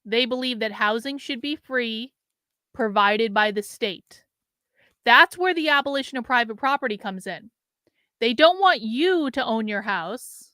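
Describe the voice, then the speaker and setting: Bright, crisp-voiced woman streamer. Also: on the high side, lively intonation, measured pace, dry recording. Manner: sarcastic, talks to chat. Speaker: show host. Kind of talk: livestream commentary.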